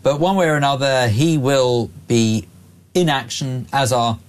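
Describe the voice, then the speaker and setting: Sardonic man presenting talk radio. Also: medium pitch. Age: 40s. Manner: brisk, sardonic, opinionated.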